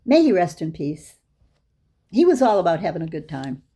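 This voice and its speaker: A woman's voice: fairly low pitch, very animated, moderate pace, dark tone, breathy edge. An older woman giving a storytelling lecture, recounting anecdotes and acting out the dialogue in her own voice. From Boston area, USA. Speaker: Islamic lecturer.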